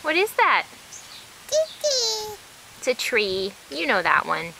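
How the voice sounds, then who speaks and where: A woman's voice: medium pitch, sing-song, takes it slowly, gravelly, noisy background. A woman filming her toddler outdoors at home, coaxing her with playful, laughing questions in sing-song baby talk on a home video camera.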